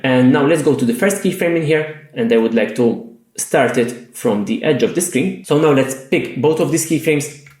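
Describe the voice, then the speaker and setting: A man calmly walking through a software tutorial step by step. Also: medium pitch, vocal fry. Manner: calm step-by-step explaining. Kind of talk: screen-recorded software tutorial. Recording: roomy echo with faint music.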